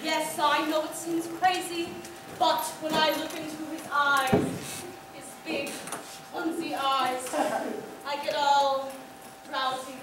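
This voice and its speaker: A woman's voice: sits high, level tone, slow pace, noisy background. A young woman on a school stage playing a languid, worldly, tipsy chaperone with a grand, drawling delivery. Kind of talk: high school musical theatre. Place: school stage in a large hall. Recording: echoey auditorium taped from far off.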